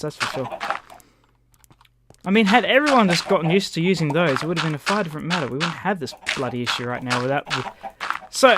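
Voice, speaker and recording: A man's voice: a little high, background noise. Rambling, swearing Australian gamer man. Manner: rambling, swears freely, talks to the game's chickens. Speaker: gaming YouTuber. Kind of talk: casual rambling commentary while playing.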